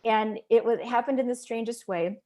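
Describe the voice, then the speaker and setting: A woman's voice: on the high side, a little fast, warm tone. A woman guest in an interview, recounting a personal testimony in an earnest, emotional storytelling manner. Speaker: podcast guest.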